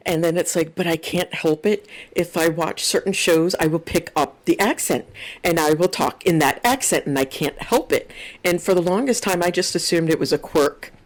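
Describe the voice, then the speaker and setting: Low-pitched candid woman podcast guest. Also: moderate pace. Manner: reflective, candid, quotes her own thoughts. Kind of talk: casual podcast conversation.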